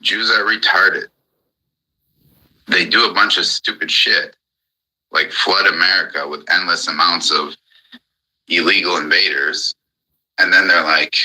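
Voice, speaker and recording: Husky low-voiced man ranting furiously. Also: steady tone, measured pace, long pauses, bright, forceful tone, rough recording. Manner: furious, profane, repetitive. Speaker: speaker on a live audio chat. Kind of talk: angry ranting monologue.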